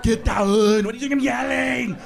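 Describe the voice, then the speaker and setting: A comedian doing an exaggerated impression of a shouting, muscle-bound action star. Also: male voice, extremely high pitch, fairly even intonation, normal speed, gravelly, voice pushed up, exaggerated voice. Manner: heavy accent, shouting, exaggerated. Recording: live club, loud crowd and noise.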